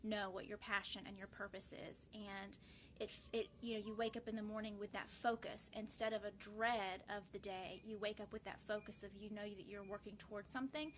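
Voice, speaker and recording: A woman's voice: medium pitch, fairly even intonation, a little fast, a bit bright, slight background noise. A woman, hosting a casual live video and talking earnestly to viewers, with many fillers and restarts. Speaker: host of a grief support live video.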